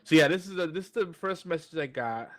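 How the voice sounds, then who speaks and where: A man's voice: on the high side, expressive, brisk, a bit bright. A man co-hosting a podcast over a video call, ranting in casual chat, swearing freely and stumbling through restarts. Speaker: podcast co-host. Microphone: joined by video call.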